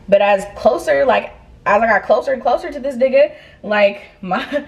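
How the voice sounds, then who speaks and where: Young woman, storytime vlog, animated, profane slang, casual retelling. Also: fairly high pitch, brisk, rough recording. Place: indoors, getting ready.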